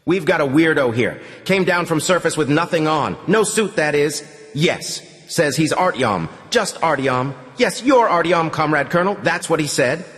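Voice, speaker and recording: A man's voice: on the high side, lively intonation, moderate pace, a bit bright, long reverb tail, pitched above the performer's own voice. A man doing a blunt, suspicious sentry. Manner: blunt, reporting over a phone.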